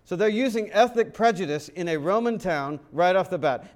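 A man's voice: high-pitched, expressive, brisk, darkish tone. A man preaching a sermon, dramatic and full of rhetorical questions, sometimes acting out other voices. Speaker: pastor.

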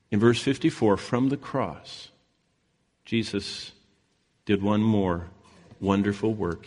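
A male preacher delivering a sermon as dramatic storytelling, rising loud and then dropping to a hush. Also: mid-range voice, long reverb tail.

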